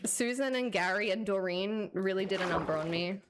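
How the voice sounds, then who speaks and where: A young woman streamer telling a story as a sarcastic, animated rant, laughing often. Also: mid-range voice, brisk, noisy background. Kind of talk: casual ranting storytelling.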